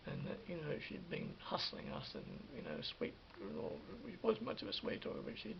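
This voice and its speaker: A man casually recounting a story for a vlog, animated, restarting his sentences and acting out what people said. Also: high voice, moderate pace, creaky. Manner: animated retelling with acted-out quotes and many restarts. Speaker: vlogger. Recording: dull lo-fi sound with faint hiss.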